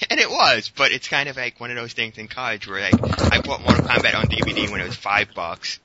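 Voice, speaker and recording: A man's voice: mid-range voice, animated, brisk, very noisy. A man co-hosting a podcast, chatting casually about a movie, rambling with fillers and laughing often. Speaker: podcast co-host. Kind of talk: casual movie review chat. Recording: dull lo-fi recording.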